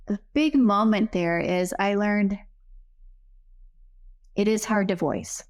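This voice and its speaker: A woman's voice: medium pitch, slow, pauses often. A middle-aged woman, a guest on a podcast, telling a personal story in an earnest, conversational way and acting out the remembered dialogue. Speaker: podcast guest, psychic medium. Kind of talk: personal storytelling in a casual interview.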